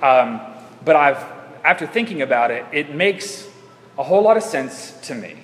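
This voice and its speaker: In an echoey church sanctuary, a man delivers a sermon in a conversational style, frequently starting his lines over. He has a fairly high, slightly bright voice with lively intonation and a moderate pace.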